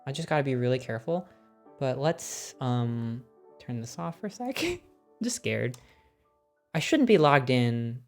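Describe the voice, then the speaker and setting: A woman streaming casually, ranking films with excited, swear-filled chat and frequent laughter. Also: very deep voice.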